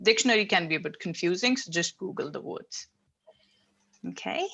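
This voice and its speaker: A woman's voice: on the low side, animated, normal speed, pushed and bright, breathy edge. Lady teacher on a video call, patient, lots of uh and you know, walks through it step by step. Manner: patient, explaining step by step with frequent fillers. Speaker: English teacher. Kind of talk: online class instruction.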